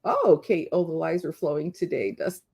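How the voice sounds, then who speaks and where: A woman's voice: deep voice, lively intonation, moderate pace, gravelly, dark tone, husky. A woman co-hosting a casual crafting livestream over a video call. She is curious and asks a lot of questions. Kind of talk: casual chat.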